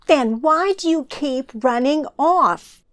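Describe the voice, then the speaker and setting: A curious young boy asks earnest questions in a storybook tale, as a woman reads him. His voice is a little high and slow. The sound is dry and close. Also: expressive, no echo.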